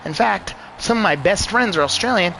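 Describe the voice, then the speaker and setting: Brief: man live-streaming a racing game, slightly high voice, animated, profane chatter. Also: moderate pace, creaky, a little hiss or hum, poor audio. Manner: profane, excitable, rambling. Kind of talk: live gameplay commentary.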